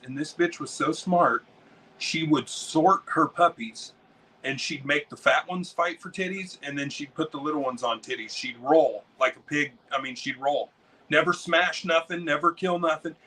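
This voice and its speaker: An excitable American man tells his stories in a loose, rambling way and swears freely. His voice is bright and carries a forceful edge. It sits a little high for a man. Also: moderate pace, recorded from a distance, a little hiss or hum, poor audio. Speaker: interview guest, dog breeder. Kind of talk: casual storytelling.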